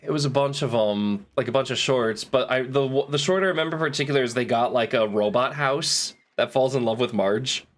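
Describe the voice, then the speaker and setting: A man's voice: medium pitch, fairly quick, hardly any pauses. Chatty man thinking aloud while gaming. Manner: thinks aloud, reads game text, laughs easily. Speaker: streamer playing a game. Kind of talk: casual gameplay chat.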